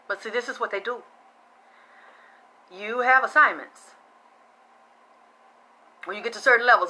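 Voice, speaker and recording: Blunt, bright-voiced woman psychic reader. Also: medium pitch, low-quality recording. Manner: blunt and chatty, swears freely, thanks viewers by name. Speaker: psychic reader hosting a live stream. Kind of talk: casual live-streamed psychic reading.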